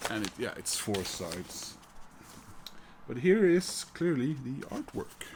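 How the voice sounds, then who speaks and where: A man's voice: medium pitch, sing-song, slow pace, noisy background. A middle-aged man, chatting casually about records he bought, hesitant and full of fillers. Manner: hesitant, many fillers and restarts, chuckles. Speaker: record collector vlogger. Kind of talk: casual record haul chat.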